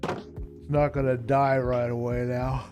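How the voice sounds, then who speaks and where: A man chatting casually while streaming a game, low-key and rambling, tired and yawning often. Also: flat delivery, slow, darkish tone. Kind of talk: casual live-stream chat while playing. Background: background music.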